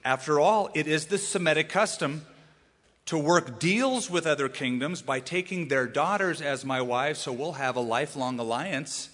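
A man preaching to his church, his voice bright and forceful with a slightly higher pitch than most men. He talks with animation and slips into the voices of the people in his stories. A long reverb trails behind him in the large sanctuary. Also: moderate pace. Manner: animated, acts out quoted voices. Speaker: pastor. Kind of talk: sermon.

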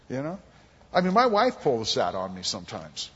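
A man's voice: medium pitch, moderate pace, breathy edge, in a large hall, lo-fi sound. A man preaching a conversational sermon, acting out quotes and jokes from his family life. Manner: animated, conversational, acts out quotes. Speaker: pastor. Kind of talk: expository sermon.

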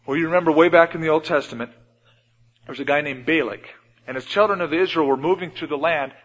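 A man's voice: on the high side, husky. Male pastor preaching, storytelling style, lo-fi radio sound, big church reverb. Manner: storytelling, acts out Bible scenes with shifts in loudness. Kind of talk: sermon. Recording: dull radio broadcast with long hall reverb.

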